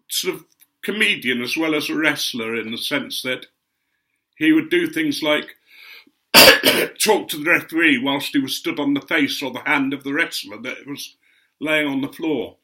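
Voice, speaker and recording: An older man from Otley, Yorkshire, England, with a bright, fairly high-pitched voice, shares anecdotes as a guest speaker looking back on his memories. His storytelling is chatty and meandering, with gentle asides.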